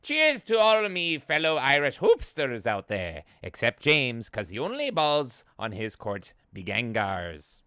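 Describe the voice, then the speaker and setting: A man putting on a loud mock Irish brogue, playing a tall boastful basketball star as he rereads a tip message. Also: medium pitch, huge pitch swings, a little slow, few pauses, smooth, heavily acted. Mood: boisterous.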